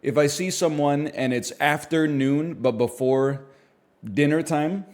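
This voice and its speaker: This man's voice sits on the high side with a darkish tone, and he talks at a measured pace. He's streaming and chatting casually, rambling and riffing wryly on his own jokes with mock-serious asides.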